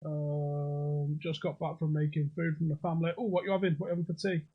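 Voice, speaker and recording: A man's voice: a little high, level tone, a little fast, husky, narrow, tinny audio. A young man hosting a pub quiz livestream from home, jokey and sweary as he reads out comments on a desk microphone. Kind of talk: casual livestream banter.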